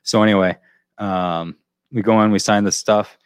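A man co-hosts a podcast and tells a long, rambling story in casual chat. He keeps looping back to pick up the thread. His voice is very deep, and the sound is dry and close. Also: steady tone, normal speed, clean tone, no room sound. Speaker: podcast co-host.

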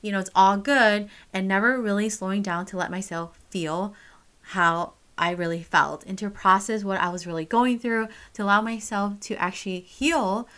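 A woman's voice: medium pitch, steady tone, moderate pace, fairly bright tone, clean tone. A young woman telling a personal story straight to camera, candid and casual, swearing freely and full of fillers. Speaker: vlogger.

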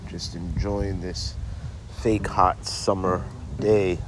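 A man hosting a comedic podcast from his backyard, speaking in a dry, deadpan way. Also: low-pitched, takes it slowly, background noise. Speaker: podcast host. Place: outdoors in a backyard.

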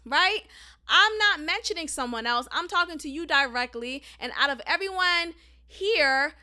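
A young woman hosts her podcast, recounting a story in a casual, unfiltered monologue. Her voice sits high and sounds bright and forceful. She talks candidly and swears freely. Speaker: podcast host.

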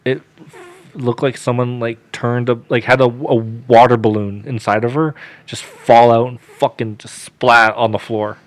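A man's voice: mid-range voice, unhurried. A man on a podcast casually telling a long story, swearing freely and acting out what people said. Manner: animated, swears freely, acts out dialogue.

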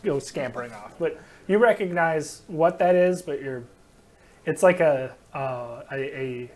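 Man, game master, tabletop game narration, chatty, filler-heavy, slightly high voice. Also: lively intonation, measured pace, a little mellow. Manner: loose, chatty narration with many fillers and laughs.

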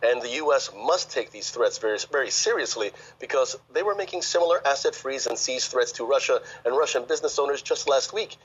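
A man's voice: mid-range voice, lively intonation, brisk, few pauses, a bit bright, husky, lo-fi sound. A man reporting as a financial correspondent on a live news link, speaking in a confident, emphatic way.

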